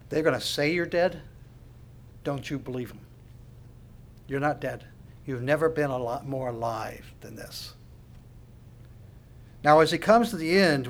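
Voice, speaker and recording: A man preaching a sermon with passion, dropping to hushed asides and building to loud declarations. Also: mid-range voice. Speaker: pastor.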